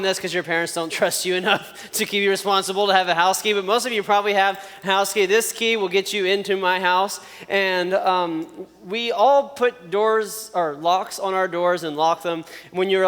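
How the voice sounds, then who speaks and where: A man with a somewhat high voice giving a casual youth sermon, telling stories and checking in with his young listeners. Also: fairly bright tone, clean tone. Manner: chatty storyteller, checks in with "okay?". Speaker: youth speaker. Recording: long reverb of a hall.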